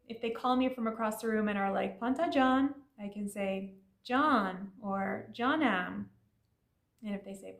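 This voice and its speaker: A woman's voice: mid-range voice, vocal fry, fairly bright tone, roomy sound. A woman teaching learners in a friendly, explanatory way, with casual fillers. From Iranian family. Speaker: language teacher.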